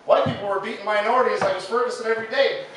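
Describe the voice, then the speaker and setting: High-voiced man doing stand-up, echoey room. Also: fairly even intonation, a crowd in the background. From Illinois. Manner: casual storytelling with many fillers and quick acted quotes. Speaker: stand-up comedian. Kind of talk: stand-up comedy set. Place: live comedy venue. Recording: echoey room taped from far off with noise.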